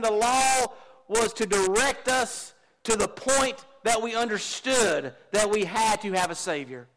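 A man's voice: very high-pitched, noisy background. A middle-aged man, a pastor preaching a folksy, confessional sermon and joking with his congregation. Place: church.

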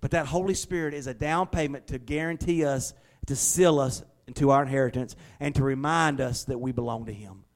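A male pastor, preaching a sermon in a folksy, conversational way and leaning on slowed, emphatic stresses. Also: mid-range voice. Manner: emphatic, with slowed dramatic stresses and acted-out prayers.

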